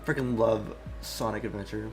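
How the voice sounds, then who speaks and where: A man who is an indie game developer, rambling casually on a live stream. He uses lots of fillers, breaks off mid-sentence and keeps talking to himself, and his voice sounds worn and low. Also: fairly even intonation, moderate pace, music in the background. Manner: rambling, full of fillers and self-interruptions; easily sidetracked, talks to himself. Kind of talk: casual live-stream chat while working.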